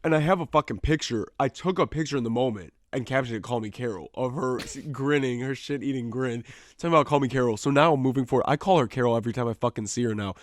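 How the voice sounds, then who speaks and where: A man co-hosting a podcast who rambles through long stories and swears freely. His voice sits at an ordinary middle pitch. The studio mic sound is close and dry. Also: fast, dry recording. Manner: swears a lot, rambling storytelling. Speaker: podcast co-host. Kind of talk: casual podcast chat. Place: small studio.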